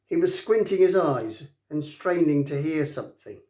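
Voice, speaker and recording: A man reading a children's book aloud to a class, with expressive, dramatic delivery. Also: a little high, normal speed. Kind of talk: storybook read-aloud. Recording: echoey room.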